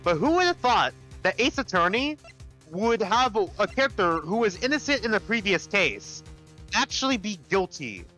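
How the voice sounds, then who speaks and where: A man giving casual, excited commentary on a game playthrough, with quick, profane asides. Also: sits high, faint music behind. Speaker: gameplay streamer.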